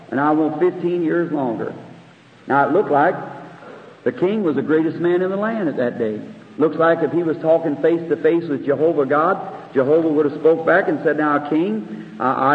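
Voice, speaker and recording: Man preaching on old echoey tape. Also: a little high. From United States. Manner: earnest, conversational preaching with rhetorical questions. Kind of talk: sermon. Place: church or meeting hall. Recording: phone-like archival tape in an echoey hall.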